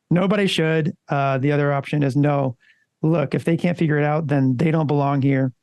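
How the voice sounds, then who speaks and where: A man's voice: fairly high pitch, fairly even intonation, normal speed, darkish tone, clear, resonant tone, no room sound. A man co-hosting a casual podcast, talking loosely and conversationally and swearing now and then. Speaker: podcast co-host.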